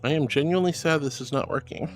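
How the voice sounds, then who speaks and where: A woman's voice: deep voice, fast talker, soft background music. A woman streaming casually, reading chat messages aloud in a bubbly, affectionate way.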